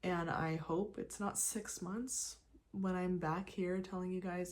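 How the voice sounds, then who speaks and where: Fairly low in pitch, a young lifestyle vlogger chats animatedly at home while doing her makeup. Her get-ready-with-me talk runs fast and loose, full of "like" and "you guys," and she sometimes lowers it to a whisper.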